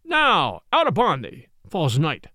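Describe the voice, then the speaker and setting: A grasping churchman full of scorn, voiced by a man reading aloud, who snaps sharp, sneering words. The voice is high and lively with gravel in it, captured dry and close. The whole thing sounds like an old-style tale told aloud. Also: moderate pace, no room sound, exaggerated voice. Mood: angry.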